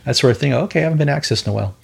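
Speaking very fast in a medium-pitched, creaky voice with a breathy edge, this minister hosts a podcast with a fireside-chat feel. He tells stories earnestly, drifts onto tangents, keeps adding "right?" and treats spiritual warfare as plain fact.

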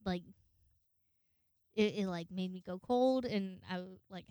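A woman's voice: mid-range voice, a little slow, long pauses, warm tone, clean tone, no room sound, clean studio sound. A young woman in her twenties telling a rambling, profanity-laced story in a casual monologue, acting out the voices of the people in it. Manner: rambling, swears a lot, acts out voices in quotes.

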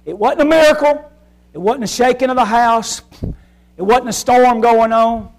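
A man preaching a sermon, rising to shouts and then dropping to a hush, asking his congregation one question after another. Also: very high-pitched, normal speed, low-quality recording. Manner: fervent, swinging from loud shouting to hushed quiet; asks the congregation rhetorical questions.

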